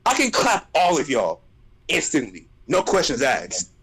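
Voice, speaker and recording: A man streaming, ranting in casual chat, animated and exasperated, roasting people with repeated phrases. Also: mid-range voice, measured pace, husky, poor audio.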